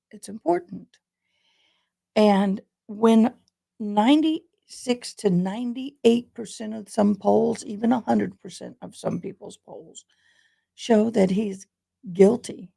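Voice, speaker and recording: A woman's voice: mid-range voice, vocal fry, warm tone, husky. A woman vlogger talking casually to her viewers about a trial, in a rambling, conversational way. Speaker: true crime vlogger.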